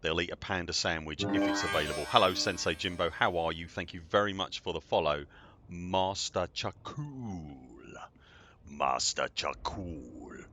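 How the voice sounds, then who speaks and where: A man's voice: sits low, fairly even intonation, quick pace, few pauses, noisy background. A man, chatting and joking in a rambling way as a game streamer at home. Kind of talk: casual livestream chat.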